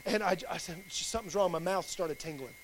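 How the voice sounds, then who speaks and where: A man's voice: high voice, fairly quick. A man delivers a sermon, weaving in his own testimony. His talk is plain-spoken and folksy, with easy colloquial grammar. A faint hum sits behind him. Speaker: pastor.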